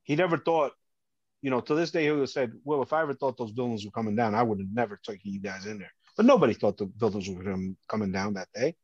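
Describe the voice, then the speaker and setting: A middle-aged man, telling a personal story as a podcast guest, earnest and animated, often acting out what others said. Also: on the low side, quick pace, husky, no echo, muffled recording.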